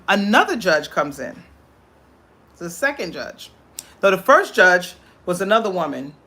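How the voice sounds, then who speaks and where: A woman host giving casual, animated commentary on a court case, slipping into voices for the people she quotes. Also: fairly low pitch. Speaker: show host.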